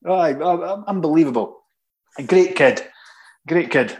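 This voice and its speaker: A Scottish man, a former footballer, chatting casually and telling stories with halting restarts. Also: a little high, lively intonation, rough recording. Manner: halting, many restarts, anecdotal. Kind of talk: casual chat.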